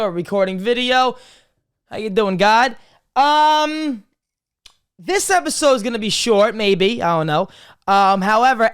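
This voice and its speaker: A man in his twenties hosting a casual confessional vlog, crude and swearing, swinging from loud joking greetings to quiet serious talk. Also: sits high, clear, resonant tone. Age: 20s. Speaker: podcast host.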